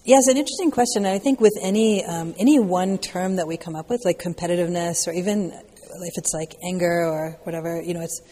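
Mellow breathy woman teaching in a hall. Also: on the low side, brisk, hardly any pauses. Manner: reflective, loose, peppered with "you know" and "like". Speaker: dharma teacher answering questions. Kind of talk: casual dharma talk Q&A.

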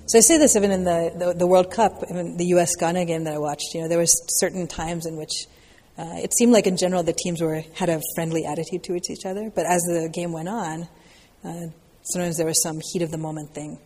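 Mellow breathy woman teaching in a hall. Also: fairly low pitch, steady tone, fast, hardly any pauses. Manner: reflective, loose, peppered with "you know" and "like". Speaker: dharma teacher answering questions. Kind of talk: casual dharma talk Q&A.

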